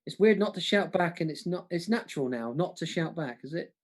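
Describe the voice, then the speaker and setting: A panto comic co-hosting a livestream music quiz, jokey and chatty, often stumbling and restarting. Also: male voice, fairly high pitch, expressive, brisk.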